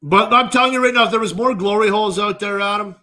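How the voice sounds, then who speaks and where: A Canadian man co-hosting a podcast, rambling and swearing loudly through casual banter. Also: high-pitched, fast. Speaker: podcast co-host. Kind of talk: casual profane chat.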